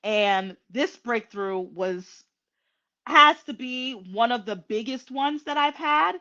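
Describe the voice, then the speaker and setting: A woman host talking slowly and emotionally to her viewers, with many pauses, ums and restarts, near tears. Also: fairly high pitch, expressive, bright, forceful tone, dull audio. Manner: tearful and emotional. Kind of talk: casual heartfelt livestream talk.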